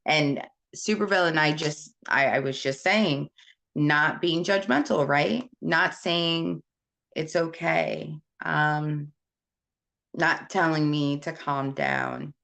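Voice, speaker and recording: Low gravelly woman rambling candidly to viewers, lots of ums, slow and easy. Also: a bit bright. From Puerto Rico. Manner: rambling, many fillers, candid and self-deprecating. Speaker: host. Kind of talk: casual live-stream chat reading viewer comments.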